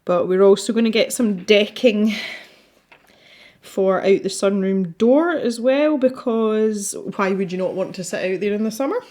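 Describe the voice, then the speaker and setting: A woman's voice: medium pitch, unhurried, a little mellow. A Scottish woman hosting a colouring video, chatting casually and rambling while she works, often laughing. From Scotland. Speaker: colouring channel host.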